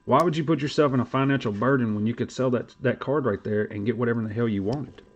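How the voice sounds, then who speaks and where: A man's voice: mid-range voice, fast talker. Blunt man on a lo-fi stream. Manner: blunt, profane, animated storytelling. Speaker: livestream host. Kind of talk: casual card-collecting talk. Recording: dull lo-fi stream audio.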